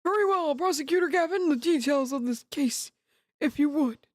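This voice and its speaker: A woman's voice: sits high, moderate pace, darkish tone, no echo, studio quality, voice pushed up, natural voice. A woman voicing an elderly, flustered male judge in a raised, quavering old-man voice. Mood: formal.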